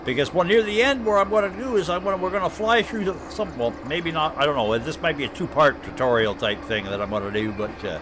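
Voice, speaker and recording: A man with an Ottawa Valley accent talks through a live game stream, rambling and thinking aloud. His voice sits high and swoops up and down constantly. He is easygoing and chatty throughout. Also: animated, fast, few pauses, background noise. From Ottawa, Canada. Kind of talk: live gameplay commentary.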